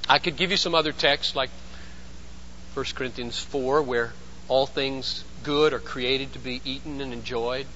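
A man preaching a sermon as pastor, emphatic, swinging between loud urgency and hushed intensity. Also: mid-range voice, fairly even intonation, unhurried, dull audio, a little hiss or hum.

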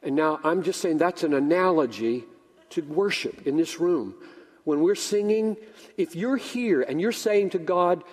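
An older male pastor delivers a sermon with a fairly high, animated voice, acting out both sides of a story's dialogue. His voice rings out with a long reverb in a church sanctuary. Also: a little slow.

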